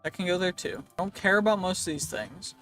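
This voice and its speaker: A man casually commenting on his own gameplay, chatty and playful, thinking out loud, with a voice that is wearing out. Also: high-pitched, lively intonation, brisk, soft background music. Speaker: gaming channel host.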